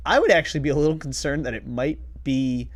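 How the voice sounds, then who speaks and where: A man's voice: on the high side, lively intonation, fast talker. Laid-back male movie podcast co-host. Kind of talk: casual movie chat.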